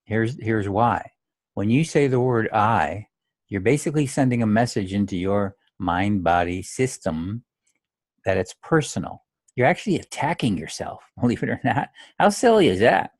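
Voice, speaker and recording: A man's voice: fairly low pitch, animated, moderate pace, no room sound, clean studio sound. A man coaching golfers on their mental game, talking in a blunt, straight-talking way and saying phrases aloud to show the difference. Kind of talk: direct instructional monologue.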